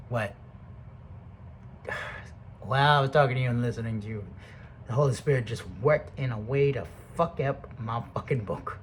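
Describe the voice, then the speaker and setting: A man rambling through a profane, casual monologue to the camera, jumping between loud outbursts and soft mutters. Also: medium pitch, lively intonation, normal speed, long pauses.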